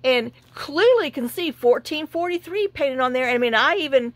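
A woman's voice: sits high, animated, normal speed, no echo. A woman telling a long, indignant story in a casual vlog, full of restarts and acted-out dialogue. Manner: chatty and indignant, with many restarts and quoted dialogue. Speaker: journaling vlogger.

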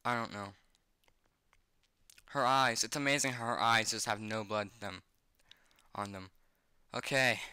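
A man's voice: lowish voice, fairly even intonation, a little slow, pauses often, sharp tone, clear, resonant tone, no echo, studio quality. A man reading a horror comic aloud at home on his bed and reacting to it, swearing constantly and yelping when something startles him. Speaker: webcomic reactor.

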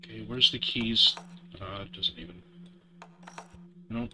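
A man's voice: on the low side, fairly even intonation, a little slow, pushed and bright. A man casually muttering live commentary while playing a stealth game, swearing freely. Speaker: streamer.

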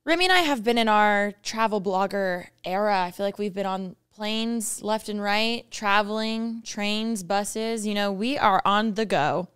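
A young woman co-hosting a podcast in casual chat, enthusiastic and quick to agree. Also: mid-range voice, a bit bright, clear, resonant tone, no room sound, studio quality. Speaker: podcast co-host.

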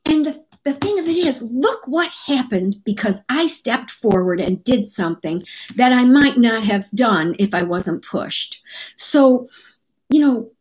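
An American woman, a cookbook author, tells a story straight to the camera. She talks in a lively, chatty way full of exclamations, with a fairly high voice. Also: unhurried. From United States.

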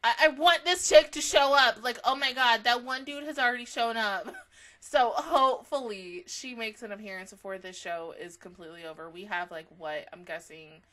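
A young woman's chatty anime reaction with a bright, forceful edge to her voice, pitched a touch high. She gets excitable, laughs often, and swears casually as she gushes about the episode. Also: moderate pace.

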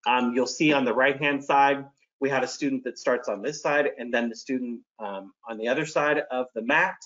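A man's voice: mid-range voice, fairly even intonation, moderate pace, a bit bright. Man presenting teacher training, dull audio. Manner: friendly, practical, explains with acted examples.

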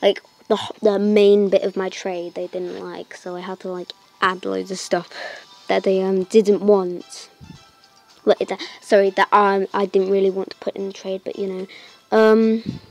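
Faint music plays behind a woman of medium pitch giving casual commentary as she plays on her channel. She's excitable, lets out delighted squeals, and leans on lots of hesitant ums.

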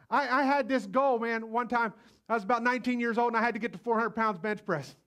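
A middle-aged man preaching a live sermon at a church service, energetic and exhorting, swinging between loud outbursts and low, quiet passages. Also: fast talker. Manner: energetic, exhorting, calls out "come on". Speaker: pastor.

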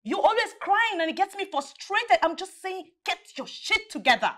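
An actress playing an exasperated best friend with a Nigerian accent, who lectures with tough love. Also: female voice, very high-pitched, very animated, moderate pace, fairly bright tone, full character voice.

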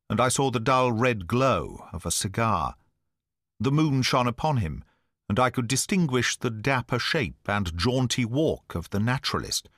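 A man reading a narration in a measured storytelling manner. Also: fairly low pitch, fairly bright tone, no room sound, clean studio sound. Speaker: audiobook narrator. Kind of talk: scripted narration.

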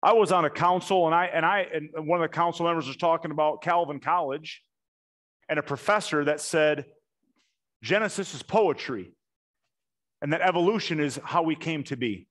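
A man preaching a sermon, telling the story with animated emphasis and slowing down hard on key points. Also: a little high. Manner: animated storytelling, acts out quotes, emphatic slow punchlines.

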